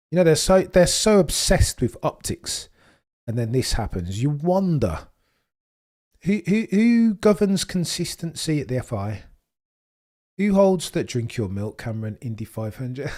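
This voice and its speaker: A man's voice: on the low side, a little mellow, breathy edge. A man in his thirties hosting a casual livestream, chatty and self-mocking, talking to his viewers with many restarts, sounding tired. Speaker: livestream host.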